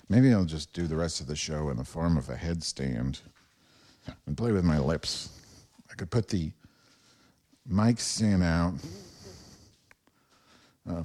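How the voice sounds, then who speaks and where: Recording from home on a wireless lavalier mic, a podcast host delivers a profane, self-deprecating solo monologue that rambles along. His voice is a bass with a dark tone.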